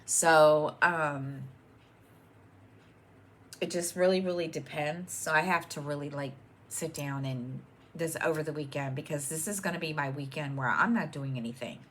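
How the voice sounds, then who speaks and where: Low-voiced woman rambling at home. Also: moderate pace. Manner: rambling, many ums and restarts. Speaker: cross-stitch channel host. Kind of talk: casual chat to camera.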